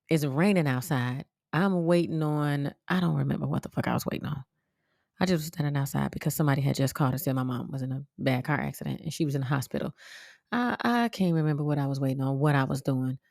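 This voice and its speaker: A woman podcast host telling a personal story in a blunt, profane, animated way. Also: low voice, creaky, no room sound, clean studio sound. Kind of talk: casual storytelling monologue.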